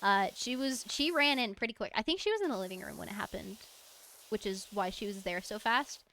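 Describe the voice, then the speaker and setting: A woman's voice: mid-range voice, a little fast, sharp tone, slight background noise. An American woman streaming a game, chatting casually and rambling through stories with frequent laughs. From United States. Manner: chatty, rambling storyteller who laughs often. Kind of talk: casual stream chat while gaming.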